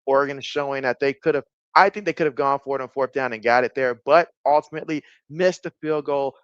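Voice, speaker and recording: A man doing casual live-stream play-by-play, reading viewer comments aloud, with bursts of excitement on big plays. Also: mid-range voice, smooth, no room sound, dull audio.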